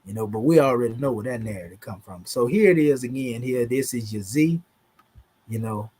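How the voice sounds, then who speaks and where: Southern drawl guy teaching off charts, husky voice, casual and emphatic. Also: medium pitch, animated, brisk, mellow. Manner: conversational, emphatic, slangy. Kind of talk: casual online lesson.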